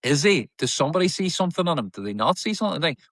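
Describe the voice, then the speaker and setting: A man's voice: a little high, sing-song, racing, fairly bright tone, no echo. A man, an actor guest, telling candid stories in an interview, emphatic and repetitive, swearing now and then.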